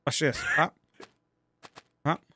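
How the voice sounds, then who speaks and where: A man hosting a co-op gameplay video, swearing loudly and screaming at the game in bursts of yelling and laughter. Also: slow pace, a little hiss or hum. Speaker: gaming host. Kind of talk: co-op gameplay commentary.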